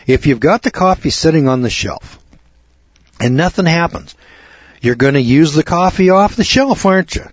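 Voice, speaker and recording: A man's voice: fairly high pitch, lively intonation, normal speed, no echo. A man hosting a radio talk show, delivering a rambling, preachy monologue that builds to emphatic lecturing. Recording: dull lo-fi dry radio audio.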